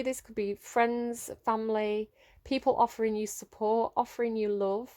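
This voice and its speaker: A woman giving an emotive tarot reading, speaking gently and pausing to search for words. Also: fairly high pitch, steady tone. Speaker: tarot reader.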